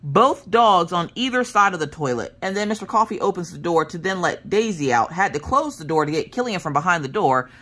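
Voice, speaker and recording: A woman's voice: on the low side, brisk, few pauses. A woman in her thirties telling a long story in a casual, chatty way as a craft vlogger. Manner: animated, chatty, acts out voices of others in her stories.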